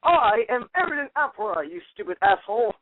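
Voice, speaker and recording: A man's voice: high voice, sing-song, brisk, dry recording. A male caller putting on a Texan drawl as a grumpy cartoon dad, indignant and insulting, over a phone line. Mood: angry. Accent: put-on Texan.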